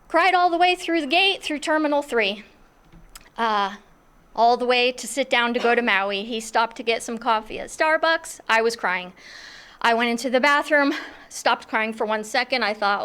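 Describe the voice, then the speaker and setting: A middle-aged woman telling a personal story in a lively, self-mocking way, acting out what others were thinking. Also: high-pitched, normal speed. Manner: animated, self-mocking, acts out others' thoughts.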